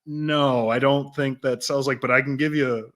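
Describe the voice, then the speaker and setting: Laughing, animated male podcast co-host. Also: mid-range voice, normal speed. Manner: animated, laughs through his stories. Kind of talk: casual storytelling.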